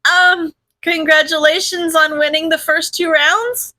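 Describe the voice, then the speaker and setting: A woman's voice: extremely high pitch, steady tone, a little slow, bright, forceful tone, pitched above the performer's own voice, heavily acted. A woman voicing a shy, flustered teenage boy who hesitates and stammers. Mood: hesitant.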